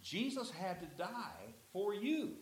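A man's voice: sits high, wildly swooping pitch, takes it slowly. A man preaching a sermon in an earnest, emphatic manner, stretching out key phrases.

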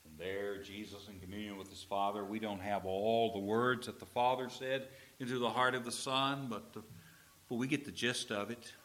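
Preaching in a steady tone, a middle-aged man who is a pastor alternates loud, stretched-out proclamations with quiet, conversational stories.

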